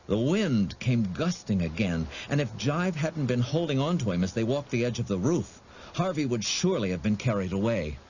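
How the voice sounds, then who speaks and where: A man narrating an audiobook in a dramatic, expressive storytelling manner. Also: mid-range voice, moderate pace, dull audio, a little hiss or hum.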